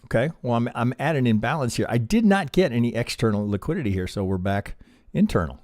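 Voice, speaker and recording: A man's voice: mid-range voice, animated, fast, a little mellow, dry recording, studio quality. A man teaching on a live stream as he reviews trading charts, thinking aloud and checking in with a constant "right?". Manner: peppers talk with rhetorical questions and "right?".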